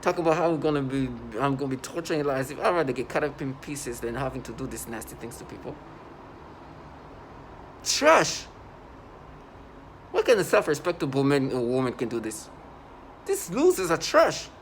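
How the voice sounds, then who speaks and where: A man's voice: medium pitch, animated, fast, slight background noise. A man talking to his camera in an agitated, indignant monologue, stopping and restarting often. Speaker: vlogger.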